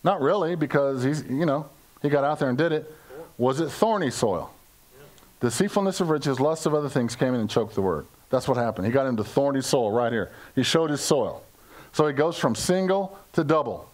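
Speaking at a moderate pace in an expressive, medium-pitched voice, an older pastor from the United States addresses his congregation during a church service. His sermon is conversational, full of jokes, questions, and playful voices for quoted lines.

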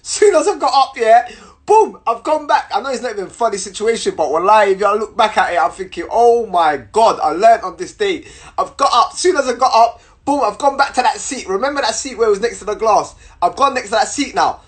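A young man telling a story to camera in an animated, slangy way, repeating words as he goes. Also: sits high, fast, few pauses. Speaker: vlogger.

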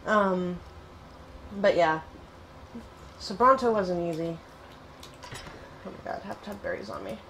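A woman hosting casual gameplay commentary, chatty and excitable, cooing fondly at her in-game pet. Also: on the low side, unhurried, gravelly, pauses often, noisy background. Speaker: gaming channel host.

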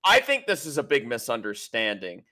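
Bright-voiced man weighing in on a call. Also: medium pitch, wildly swooping pitch. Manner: measured, airing criticism with fillers. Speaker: co-host. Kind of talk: heated online group call argument.

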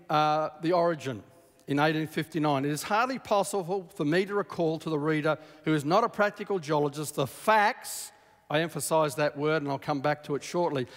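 A man giving a lecture, quoting old sources at length and breaking in with emphatic asides. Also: a little high. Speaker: creationist lecturer. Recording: long hall reverb.

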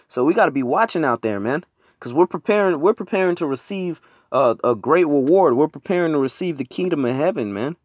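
A man preaches in a loose, conversational way, reading scripture aloud and then riffing on it in slang, dropping "man" after almost every thought. His voice sits a little high for a man. The sound is dry and close, as if recorded on a phone. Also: expressive, normal speed, dry recording. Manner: casual, street-slang preaching, repeats "man" often. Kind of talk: informal sermon with scripture reading. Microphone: phone screen recording.

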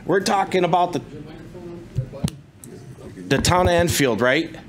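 A man's voice: fairly high pitch, animated, a little slow. A man, a business owner, angrily complaining at a town commission meeting. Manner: angry, heated complaining. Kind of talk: public comment at town meeting.

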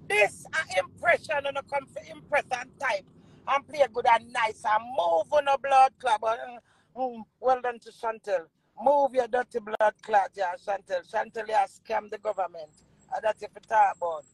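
A woman's voice: fairly high pitch, normal speed, slightly rough, no echo, poor audio. A woman with a Jamaican accent delivering a heated, profane monologue full of repeated curses. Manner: heated, profane, repetitive cursing. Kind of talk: angry ranting monologue.

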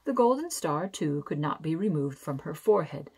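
Husky, low-voiced woman reading a bedtime story. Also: sing-song, moderate pace, darkish tone.

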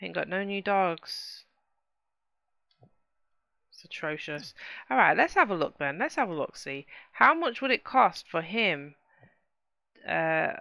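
A woman's voice: medium pitch, very animated, slow pace, gravelly, long pauses, bright, forceful tone, dry recording, clean studio sound. A woman hosting a casual let's play, chatting to viewers and exclaiming at what happens in the game. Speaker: gaming channel host.

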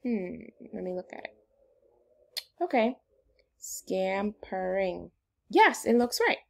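A woman's voice: a little high, sing-song, a little slow, vocal fry. Upbeat sing-song woman teaching phonics. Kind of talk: remote phonics lesson for young children.

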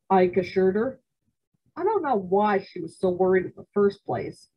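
A woman at a library reading a children's novel aloud in a measured, expressive way. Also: medium pitch, husky, muffled recording. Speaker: library storyteller.

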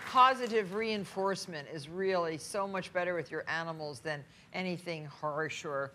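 A woman's voice: fairly low pitch, background noise. A woman hosting a TV talk show, calling on audience members for questions. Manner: brisk, calls on audience members. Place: TV studio with audience.

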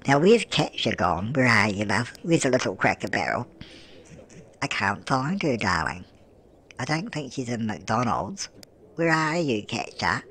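A man doing a fussing old nanna who narrates a life-sim game. Every line ends in love, dear or darling, and she chats on with cosy tag questions. The voice sits at a middling pitch. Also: sing-song, a little slow, a bit bright. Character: doting old grandmother narrator. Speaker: gameplay channel host. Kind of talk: gameplay commentary in a doting granny persona.

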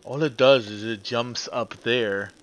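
A man's voice: mid-range voice, fairly even intonation, measured pace, fairly bright tone. A man streaming a game live, frustrated, cursing at the puzzle and talking back to chat. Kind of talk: live-stream gameplay commentary.

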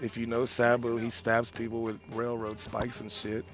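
A man's voice: mid-range voice, monotone, moderate pace, soft background music. A man, a pro wrestler guest in a studio, taunting and cutting brash promo-style talk. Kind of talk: trash-talking studio banter.

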